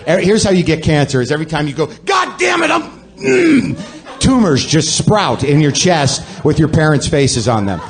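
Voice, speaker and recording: A man's voice: a little high, expressive, a little fast, few pauses, music in the background. A man hosting a podcast, delivering a sardonic, self-deprecating comic monologue in a ranting manner to a live audience. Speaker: podcast host.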